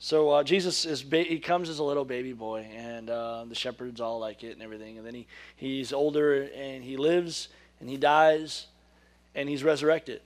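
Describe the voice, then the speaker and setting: A man giving a sermon, who reads scripture slowly and then talks casually, laughing at his own corny jokes. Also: medium pitch, fairly even intonation. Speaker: preacher. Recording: podcast recording of a live sermon.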